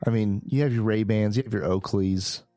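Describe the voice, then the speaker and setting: Low gravelly guy cohosting a podcast, chill and dry, warm dark tone. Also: brisk, no echo, soft background music. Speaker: podcast co-host. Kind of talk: casual comedic chat.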